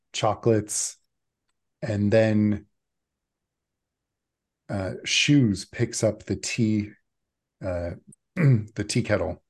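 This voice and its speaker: A man with a low voice narrates a tabletop game as its game master. He takes his time, describing the action in a playful, storytelling way. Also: darkish tone.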